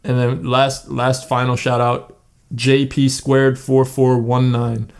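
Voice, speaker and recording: A man's voice: mid-range voice, monotone, slow pace, clean tone. Easygoing young man podcast co-host. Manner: easygoing, laughing, giving shout-outs. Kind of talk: casual chat.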